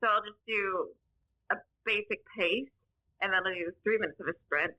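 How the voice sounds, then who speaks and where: A woman's voice: mid-range voice, moderate pace, bright, forceful tone, no echo, muffled recording. A woman from Kentucky with a faint Southern accent, a podcast guest chatting casually and poking fun at herself. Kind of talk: casual chat.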